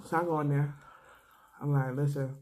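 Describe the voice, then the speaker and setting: A young woman vlogger telling a casual, slangy story while eating, animated and full of asides to her viewers. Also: low voice, moderate pace, husky. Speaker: mukbang vlogger.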